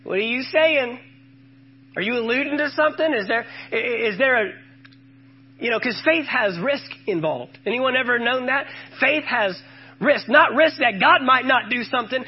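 Husky high-voiced male preacher. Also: muffled recording. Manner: emphatic, calls out to the congregation and quotes scripture. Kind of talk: sermon.

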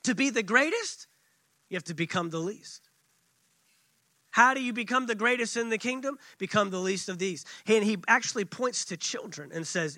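Male pastor, sermon, emphatic, repetitive phrasing, very high pitch, dry close sound. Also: lively intonation, normal speed, sharp tone, no echo. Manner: emphatic, repetitive preaching with acted quotes.

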